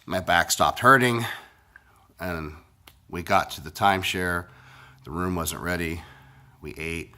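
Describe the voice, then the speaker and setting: A man with a low voice that still has a bright, forceful edge rambles through a crude story. He sounds sick and congested, swears constantly, and talks bluntly in a casual way. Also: slow pace, long pauses. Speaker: vlogger.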